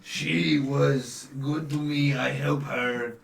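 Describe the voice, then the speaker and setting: A man voicing a sad older man who speaks slow broken English and mourns a lost foster daughter. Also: mid-range voice, fairly even intonation, creaky, slight background noise, voice pushed up. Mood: mournful. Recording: roomy, distant mic.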